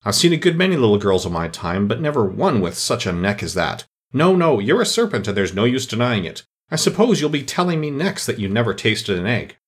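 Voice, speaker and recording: A man voicing an indignant mother pigeon guarding her eggs, shrill and accusing. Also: sing-song, fairly quick, hardly any pauses, close to an everyday voice. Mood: contemptuous.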